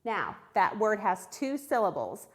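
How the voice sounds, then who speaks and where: A woman teaching a recorded phonics lesson to young children, sounding out words clearly and praising answers. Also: mid-range voice, big pitch swings, unhurried. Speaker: third grade reading teacher.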